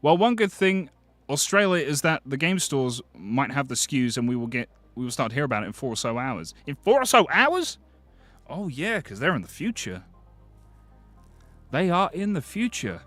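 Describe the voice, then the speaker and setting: A British man hosting a live stream, chatting casually with viewers, excitable and swearing freely. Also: medium pitch, normal speed, no room sound, soft background music. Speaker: livestream host.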